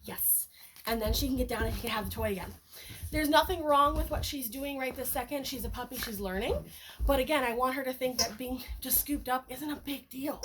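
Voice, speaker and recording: High-voiced woman dog trainer. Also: a little fast, noisy background. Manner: chatty, explains while praising the dog in a high sing-song voice. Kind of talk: casual training demonstration.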